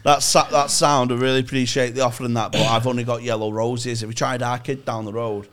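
A man's voice: medium pitch, flat delivery, fairly quick, a bit bright, close to an everyday voice. Casting: man playing an easygoing, chummy rose tree in a crude storybook retelling. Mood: apologetic. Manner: casual and slangy. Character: laid-back, matey rose tree.

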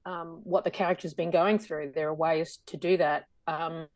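A woman's voice: sits low, normal speed, no echo. An Australian woman in her fifties, a stage performer chatting animatedly as a podcast guest. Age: 50s. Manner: animated, chatty with frequent laughter. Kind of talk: casual podcast conversation.

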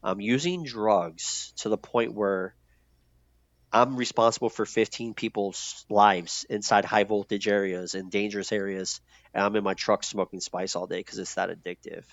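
Man, low voice, casual profane storyteller with fillers; lo-fi, muffled audio. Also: fairly even intonation, normal speed, no room sound. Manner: loose and profane, many fillers and restarts. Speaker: guest telling his recovery story. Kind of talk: candid conversational storytelling. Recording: dull lo-fi sound.

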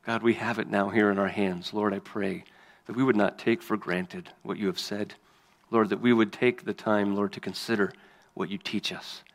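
A man's voice: lowish voice, steady tone, normal speed. A man reading scripture aloud and preaching as a pastor, earnest and emphatic. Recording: long hall reverb.

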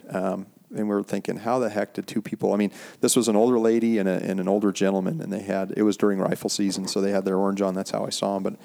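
Very deep flat gravelly man. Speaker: podcast host. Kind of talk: casual chat.

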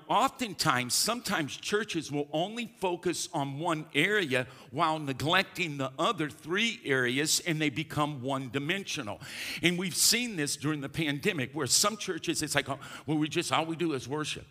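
A man's voice: fairly high pitch, pushed and bright. A middle-aged man, a pastor preaching a sermon, emphatic and calling for responses from the congregation. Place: church sanctuary. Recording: long reverb of a large hall.

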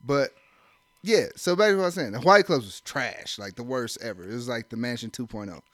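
A man's voice: medium pitch, expressive, brisk, fairly bright tone, no echo. A young man in casual chat, telling a loose, slangy story with plenty of profanity. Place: indoor room.

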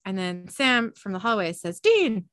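A woman's voice: medium pitch, lively intonation, moderate pace, fairly bright tone, no room sound. A woman hosting a podcast, casually recapping an episode with chatty, laughing asides. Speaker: podcast host.

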